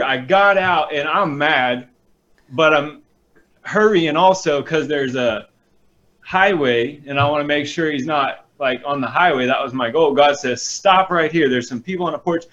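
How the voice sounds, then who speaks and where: A man telling a personal story in a casual, animated way, acting out the voices in it. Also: fairly high pitch, unhurried, highs cut off. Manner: animated, acts out quotes.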